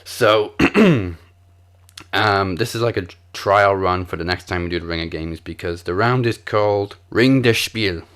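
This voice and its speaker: Low-voiced guy running a quiz on a podcast, joking around, laughing at himself. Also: measured pace, fairly bright tone, smooth. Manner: playful, laughs at his own attempts at foreign pronunciation. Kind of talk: casual chat.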